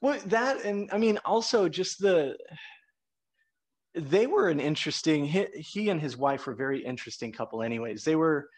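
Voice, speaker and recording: A man's voice: fairly high pitch, expressive, moderate pace. A middle-aged man hosting a podcast, telling stories in a loose, rambling way full of fillers. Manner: rambling storyteller, frequent uh and you know. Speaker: podcast host. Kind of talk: casual conversation.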